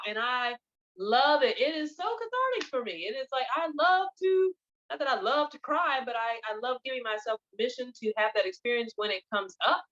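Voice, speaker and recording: A woman hosting a podcast, telling stories in a casual spiritual chat with an animated, expressive manner. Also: a little high, a little fast. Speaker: podcast host. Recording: dull lo-fi recording.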